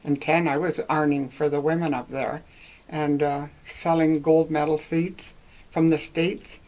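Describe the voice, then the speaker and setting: A woman's voice: low voice, steady tone, measured pace, darkish tone, rough recording. A woman in her seventies from northwestern Ontario, reminiscing in a casual oral-history interview and often laughing as she rambles. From northwestern Ontario, Canada.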